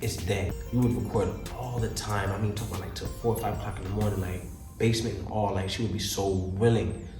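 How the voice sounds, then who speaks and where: Laid-back low-voiced man, echoey room. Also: fairly even intonation, quick pace. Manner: laid-back slangy storytelling, laughs often. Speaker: recording artist. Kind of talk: casual interview talk. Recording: echoey room with music playing.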